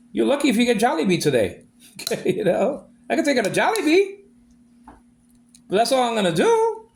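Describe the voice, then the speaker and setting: A man's voice: extremely high pitch, very animated, brisk, vocal fry, slight background noise. A man ranting in a monologue, aggrieved and repeating himself as he vents. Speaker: vlogger.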